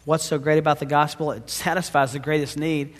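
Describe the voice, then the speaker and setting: A male pastor preaching a sermon, dramatic, swinging between loud emphasis and hushed asides. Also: a little high, flat delivery, a little fast, big-room sound.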